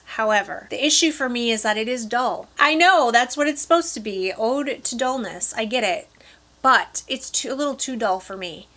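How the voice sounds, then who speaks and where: A woman's voice: medium pitch, bright, forceful tone. A woman from Michigan's Upper Peninsula with a light Yooper accent, chatting casually to camera about perfumes she has been wearing. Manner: chatty, enthusiastic, addresses viewers directly. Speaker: perfume vlogger. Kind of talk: casual product review to camera.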